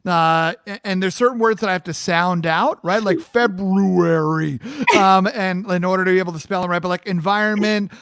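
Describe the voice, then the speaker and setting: Chatty host, high-voiced man. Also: fairly bright tone, clean tone, no room sound, clean studio sound. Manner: chatty, self-mocking, rambling with restarts. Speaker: podcast host. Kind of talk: casual chat.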